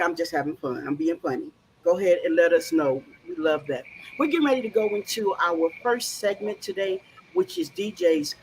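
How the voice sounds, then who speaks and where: A woman hosting a casual show, playful and animated. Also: lowish voice, a little hiss or hum, rough recording. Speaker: host.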